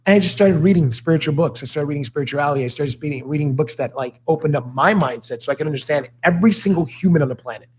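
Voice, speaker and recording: Male talk-show guest, motivational, rapid-fire delivery, slightly high voice. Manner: fast-talking, energetic, motivational. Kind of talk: casual talk show conversation. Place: studio.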